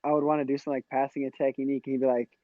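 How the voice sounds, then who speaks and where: A relaxed man in his twenties chats as a podcast guest, full of fillers and quick laughs. His voice sits at an ordinary pitch, and the recording sounds dry and a little muffled, with no room around it. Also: no echo. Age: 20s. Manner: easygoing, laughs often, chatty with many fillers. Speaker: podcast guest, former player. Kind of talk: casual chat. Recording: dry, dull lo-fi podcast audio.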